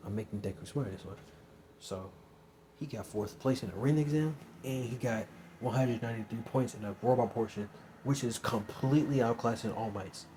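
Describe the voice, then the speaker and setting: Rambling young man, mellow voice. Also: mid-range voice, a little fast, slight background noise. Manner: rambling, filler-heavy, says "you know what I'm saying" often. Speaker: storyteller. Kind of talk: casual improvised story narration.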